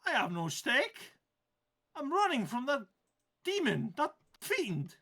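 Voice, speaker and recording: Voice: high-pitched, huge pitch swings, takes it slowly, pushed and bright, pitched above the performer's own voice, full character voice. A game master voicing a sassy, whiny wounded cactus creature in a put-on Italian accent, moaning and mocking. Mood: grumbling. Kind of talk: tabletop game role-play.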